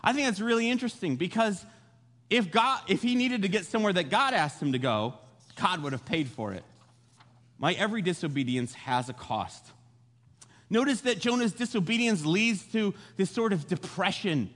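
Animated young male preacher in a reverberant hall. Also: sits high, normal speed. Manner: animated storytelling, acts out voices in quotes. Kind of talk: casual sermon retelling a Bible story.

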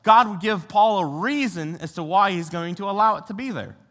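A young American man, a youth pastor, preaching a sermon in an animated, conversational way and asking his listeners rhetorical questions. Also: sits high, brisk. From United States. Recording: long hall reverb.

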